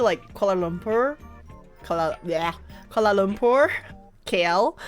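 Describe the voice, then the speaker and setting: A woman streamer telling a story in casual chat, animated and laughing often. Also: mid-range voice.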